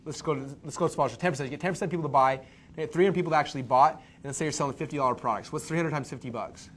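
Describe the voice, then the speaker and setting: Fast-talking man giving a seminar. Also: a little high, slight background noise. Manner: fast, animated storytelling with asides to the audience. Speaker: seminar presenter. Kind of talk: live marketing seminar talk.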